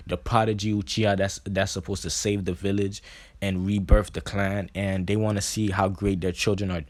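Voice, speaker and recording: Brief: low, dry-voiced man narrating his fan story casually, stumbling with restarts. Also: darkish tone, no echo. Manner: halting, filler-heavy, many restarts. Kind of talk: casual fan-fiction retelling.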